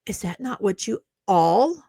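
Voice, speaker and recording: A woman's voice: medium pitch, big pitch swings, unhurried, vocal fry, warm tone, husky, no echo. Indignant woman youtuber calling out commenters, sarcastic, medium voice, dead dry room. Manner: sarcastic, mocking. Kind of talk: ranting reply to commenters.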